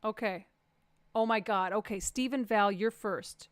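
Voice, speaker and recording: A woman comedian hosting a live stream, joking playfully with the audience and jumping into excited quoted voices. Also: mid-range voice, moderate pace, no room sound.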